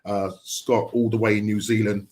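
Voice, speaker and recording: A middle-aged man hosting a podcast, talking casually in a halting, subdued way with many ums and uhs. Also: on the low side, little pitch movement, darkish tone, a little hiss or hum. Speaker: podcast host.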